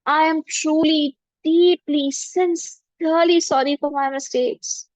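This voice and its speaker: A woman, a spiritual teacher leading a guided forgiveness meditation in a gentle, humble voice with repeated affirmations. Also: high-pitched, steady tone, slow pace, no echo. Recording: dull lo-fi dry recording.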